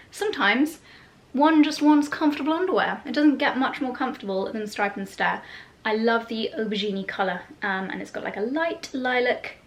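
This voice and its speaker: A chatty woman with a fairly high voice talks through a haul, bubbly and playful. The recording is roomy, with echo around her and a faint hiss underneath. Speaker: lifestyle vlogger. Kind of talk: casual unboxing chat.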